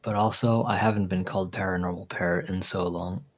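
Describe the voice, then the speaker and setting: A man's voice: low voice, steady tone, fairly quick, slight background noise. A man hosting a casual livestream chat in a laid-back, rambling way. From Virginia, USA. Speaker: livestream host.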